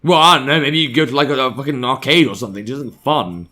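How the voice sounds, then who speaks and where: A man's voice: mid-range voice, rapid-fire, pushed and bright. A man reading a visual novel aloud as a let's play host, cutting in with sarcastic, crude jokes.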